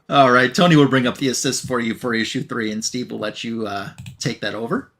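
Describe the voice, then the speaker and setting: A man hosting a podcast, recapping a comic in an animated, casual way and acting out the dialogue. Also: medium pitch, normal speed, creaky, a little hiss or hum. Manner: animated storytelling, acts out dialogue. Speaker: podcast host.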